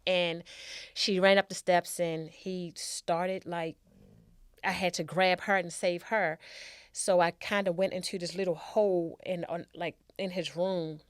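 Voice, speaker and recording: A woman sharing a personal story as a guest, halting and restarting, repeating herself for emphasis. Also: lowish voice, fairly even intonation, clean tone, no room sound, clean studio sound.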